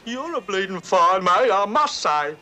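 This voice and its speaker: An actor playing a wounded young soldier in a 1960s film comedy, with a feeble, indignant manner. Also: male voice, high-pitched, very animated, measured pace, sharp tone, heavily acted.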